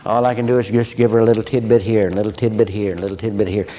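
An older man preaching a sermon, telling personal stories in an animated way and asking the audience questions. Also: on the low side, very fast, dull audio, slight background noise.

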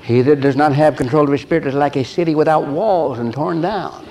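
An older man delivering a sermon in an animated storytelling manner, now and then acting out voices and laughing. His words ring out with a long reverb, as in a large hall, over a faint hum of ambience. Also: fairly high pitch, brisk. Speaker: preacher.

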